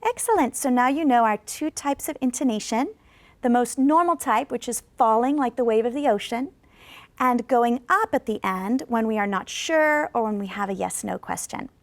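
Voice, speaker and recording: Woman esl teacher, bit high, gravelly edge, dry close sound, keeps cheering students on. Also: lively intonation, no room sound. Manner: slow, carefully drawn-out model sentences for repetition; encouraging, coaxes replies from viewers. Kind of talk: scripted classroom lesson. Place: studio.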